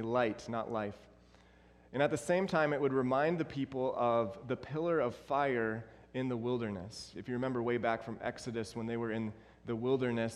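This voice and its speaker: Earnest pastor preaching in a reverberant hall. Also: male voice, medium pitch. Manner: conversational, earnest, with frequent fillers and restarts. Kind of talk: sermon.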